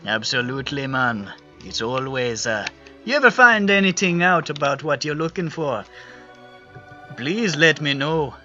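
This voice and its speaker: A man's voice: on the high side, expressive, measured pace, bright, forceful tone, muffled recording, soft background music, pitched above the performer's own voice, full character voice. A man voicing a friendly male scholar, putting on a Jamaican accent and talking in an easygoing, chatty way. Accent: Jamaican, put on.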